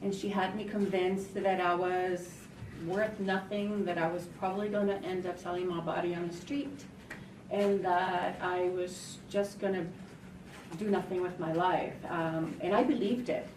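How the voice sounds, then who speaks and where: A woman's voice: lowish voice, fairly even intonation, a little slow. A woman from New York City, a panelist, telling a candid personal story at a college event. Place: college hall. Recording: echoey, distant, noisy.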